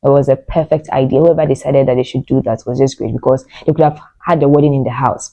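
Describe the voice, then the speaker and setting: Lady rambling thru a movie review, warm mellow voice, lots of um and you know. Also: a bass voice, fairly even intonation, brisk, hardly any pauses, no echo, rough recording. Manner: emotional, rambling, many fillers, retells scenes. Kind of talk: casual spoken movie review.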